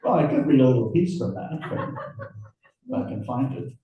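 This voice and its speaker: A man's voice: medium pitch, very animated, fairly quick, far from the mic, phone-quality sound. A man, an author, chatting casually and self-deprecatingly about his novel at a book event. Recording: very echoey room, voice from afar.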